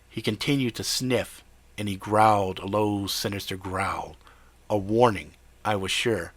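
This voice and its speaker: Male storyteller, steady conversational first-person read, dry close sound. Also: on the low side, unhurried, dry recording. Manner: steady, conversational narration with casual swearing.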